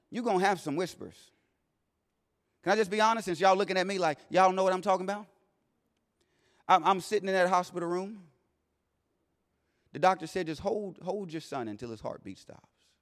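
High-voiced preacher in a reverberant hall. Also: male voice, fairly quick, long pauses. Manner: dramatic, swinging between loud declarations and hushed asides; plain-spoken, vernacular phrasing. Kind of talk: sermon. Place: church sanctuary. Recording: long reverb of a large hall.

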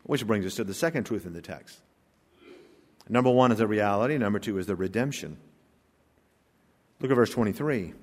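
A male pastor preaching a sermon, emphatic, firing off rhetorical questions and swinging from hushed to loud. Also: lowish voice, fairly quick, pauses often. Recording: long reverb of a large hall.

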